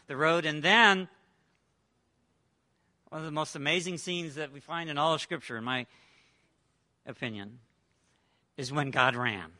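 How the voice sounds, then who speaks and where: Guy preaching a sermon, really bright voice, a bit high, gets loud then drops to a hush. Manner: dramatic storytelling, swings from loud to hushed.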